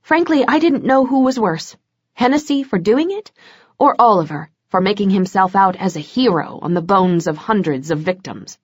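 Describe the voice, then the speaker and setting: A woman's voice: mid-range voice, lively intonation, moderate pace, breathy edge, no room sound, muffled recording. A woman narrating a first-person audiobook with a tough, sarcastic delivery.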